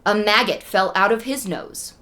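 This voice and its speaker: A woman voicing a furious, grief-stricken legendary king, with loud shouted threats and a mournful lament. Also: mid-range voice, moderate pace, natural voice. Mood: grieving. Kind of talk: casual storytelling with acted quotes.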